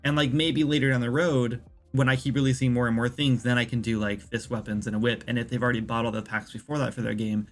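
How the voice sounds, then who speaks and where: A man's voice: medium pitch, level tone, quick pace, soft background music. A man chatting casually as an indie game developer on a livestream, rambling and thinking aloud with lots of fillers.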